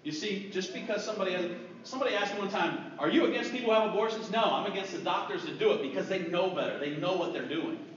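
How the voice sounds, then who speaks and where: A man preaching a sermon as a pastor, telling stories earnestly and dropping to a hush for grave moments. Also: sits high, fast, a little hiss or hum. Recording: distant, echoey, dull church recording.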